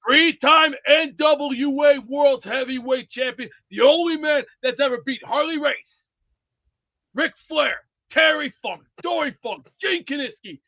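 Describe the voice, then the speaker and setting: Bright, high-voiced rambling male host. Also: measured pace. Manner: rambling and boisterous, full of movie quotes. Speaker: host of a sports talk show. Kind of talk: live sports talk chat. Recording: dull lo-fi audio.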